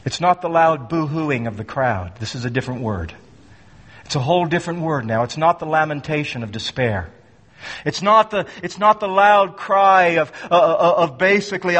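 A man preaching a sermon with dramatic swings between loud emphasis and hushed, low phrases. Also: lively intonation, moderate pace, big-room sound.

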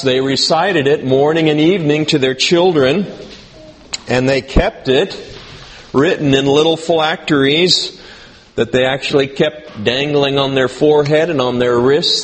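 A man preaching in a conversational teaching style, reading scripture aloud and asking his listeners questions. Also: medium pitch. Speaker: preacher teaching a Bible class. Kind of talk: sermon.

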